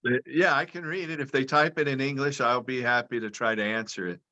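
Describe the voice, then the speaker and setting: Brief: male interview guest on a video call, bright tone, dull muffled sound, explains step by step. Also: mid-range voice, fairly even intonation, fairly quick. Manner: patient, lecturing, explains step by step. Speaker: guest, cannabis and hemp advocate.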